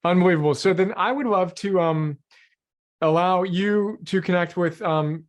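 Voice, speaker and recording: A man's voice: high voice, moderate pace. A man hosting an interview, speaking with effusive enthusiasm. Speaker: host. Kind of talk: casual interview talk.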